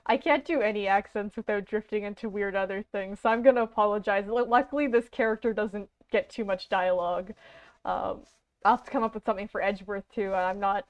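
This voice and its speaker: A woman's voice: mid-range voice, fairly even intonation, brisk. A Canadian woman streaming a game, chatting casually in a rambling, self-deprecating way with lots of fillers. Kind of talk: casual let's-play chat. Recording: dull lo-fi stream audio.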